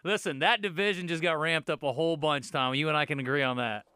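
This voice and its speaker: A man's voice: on the high side, fast, sharp tone, clear, resonant tone, no room sound, clean studio sound. A man hosting a sports talk radio show, joking and chatting in a friendly way with callers. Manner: friendly, upbeat banter with callers.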